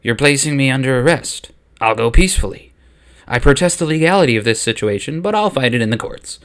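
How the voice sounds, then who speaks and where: A man's voice: medium pitch, lively intonation, fairly quick, a bit bright, smooth, close to an everyday voice. A man voicing a smug, scheming male Sith lord politician in a comedic audio parody, in a matter-of-fact tone.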